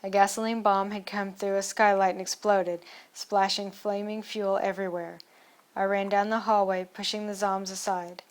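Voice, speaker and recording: A woman reading a first-person audiobook chapter in a steady, even storytelling manner. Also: medium pitch, normal speed. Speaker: audiobook narrator.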